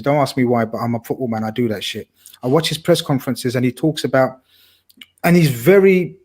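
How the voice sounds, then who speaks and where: A man's voice: medium pitch, a little mellow. A man talking football on a casual podcast, talkative and blunt, swearing casually. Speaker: podcast co-host.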